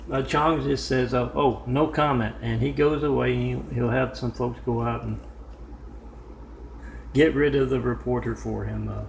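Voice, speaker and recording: A man telling a home-made story in a meandering way, full of "uh" pauses and side remarks, recorded in a room at home. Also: mid-range voice, fairly even intonation, vocal fry. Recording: echoey room with faint noise.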